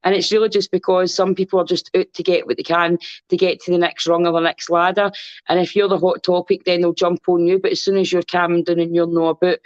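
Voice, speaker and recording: Speaking fast and smoothly in a level, mid-range voice, this Scottish-accented podcast guest comes through on lo-fi sound. The casual chat is rambling and earnest, full of free swearing and repeated "you know what I mean."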